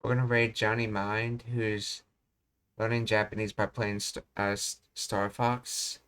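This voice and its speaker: Male streamer teacher, flat delivery, clear voice, halting read-aloud explanations. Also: on the low side. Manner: halting, reads explanations aloud with frequent restarts. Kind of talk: live-streamed language lesson.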